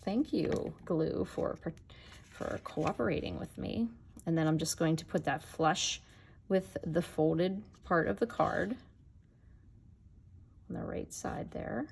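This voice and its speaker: A woman's voice: fairly low pitch, takes it slowly, gravelly, long pauses, a little mellow, slight background noise. A woman demonstrating card making in a casual tutorial, chatting to viewers as she works. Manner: chatty, talks to viewers while working.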